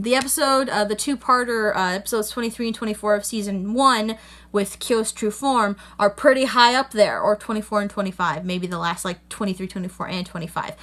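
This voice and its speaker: A woman's voice: medium pitch, bright, forceful tone. A young woman hosting a casual anime review, gushing and rambling with lots of fillers. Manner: gushing, rambling, full of "like" and "you know". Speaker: anime reaction host.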